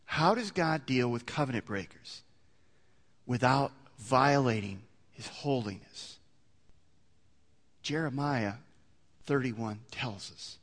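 A man's voice: mid-range voice, animated, slow, long pauses, fairly bright tone. A man preaching a sermon in a conversational way, often restarting his sentences and building to emphatic peaks. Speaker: pastor. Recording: long hall reverb.

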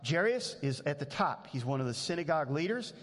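Earnest pastor preaching in a reverberant hall. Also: male voice, a little high, sing-song, brisk, fairly bright tone. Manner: earnest, conversational preaching with many restarts. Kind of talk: sermon.

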